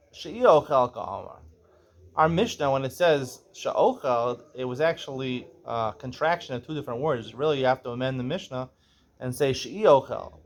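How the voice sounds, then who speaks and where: A man teaching a page of Talmud, mixing read Aramaic with plain English explanation. He checks in with "right?" again and again and clears his throat from time to time. He stops to correct himself when he gets part of the explanation wrong. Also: medium pitch. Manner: reads Aramaic then explains in English, asks "right?" often; clears throat now and then.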